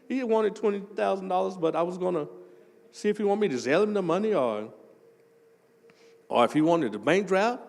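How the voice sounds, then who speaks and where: An older man, preaching a testimony sermon as associate pastor and telling a story that builds up into shouting. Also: high-pitched, moderate pace, vocal fry, pauses often, big-room sound. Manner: animated storytelling, swells into shouting.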